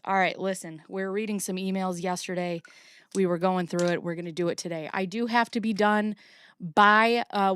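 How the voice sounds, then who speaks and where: A woman's voice: medium pitch, clean tone, no room sound, studio quality. A woman in her forties hosting a casual livestream, chatty and rambling, a little out of breath. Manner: rambling, chatty, self-deprecating. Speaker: streamer host.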